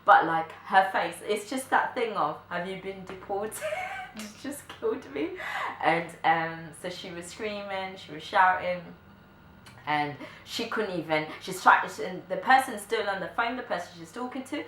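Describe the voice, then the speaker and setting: A young woman, telling a story to camera in a chatty way, full of filler likes and quick laughs. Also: on the low side, fairly bright tone. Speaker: vlogger. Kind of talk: casual storytime chat. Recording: echoey room, faint background noise.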